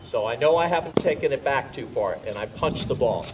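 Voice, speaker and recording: On an outdoor tennis court, an instructor explains volleys, demonstrating shots and calling out pointers, his coaching punctuated by louder bursts as he hits balls. His medium-pitched voice is expressive and a little fast. The mic sits far off, and the background is noisy.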